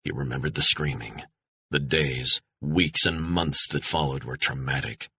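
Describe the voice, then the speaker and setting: Low husky male thriller narrator. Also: bright, forceful tone, no room sound. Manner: grim, measured. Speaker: audiobook narrator.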